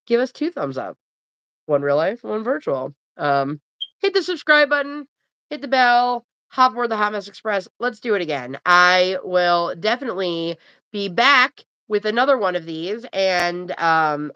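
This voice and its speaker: Middle-aged woman, low voice, sleepy rambling livestream host, dull dry home mic. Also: a bit bright, smooth, no echo. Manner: rambling, chatty, yawning, self-deprecating. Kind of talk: casual live stream chat.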